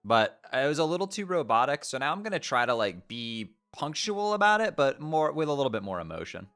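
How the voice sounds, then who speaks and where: A man's voice: medium pitch, sing-song, fairly quick, a bit bright, clear, resonant tone, faint music behind. A young man streaming, chatting casually and joking between readings.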